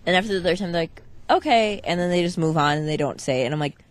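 Low-voiced blunt woman podcaster. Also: fast. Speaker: podcast co-host. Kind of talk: casual chat and reading a story aloud.

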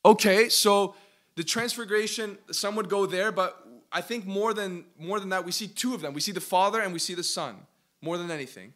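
A man preaching an interactive Bible lesson with an emphatic, questioning delivery. His voice sits a bit high for a man and rings with a bright, forceful edge. He slows down to press key words home. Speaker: pastor teaching a Bible study. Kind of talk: interactive sermon teaching.

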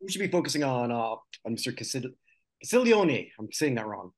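A man co-hosting a casual podcast chat, reading out lists of names with quick asides. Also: medium pitch, lively intonation. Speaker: podcast co-host.

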